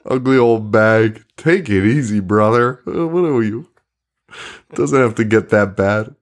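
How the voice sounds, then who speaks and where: A man's voice: lowish voice, a little slow. A young man co-hosting a casual horror movie podcast, swearing a lot, laughing often and acting out movie lines. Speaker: podcast co-host.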